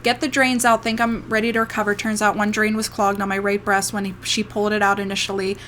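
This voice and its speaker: A woman's voice: medium pitch, flat delivery, quick pace, fairly bright tone. Young adult woman, ASMR creator, casual storytime vlog: emotional, rambling, cursing, faint room noise.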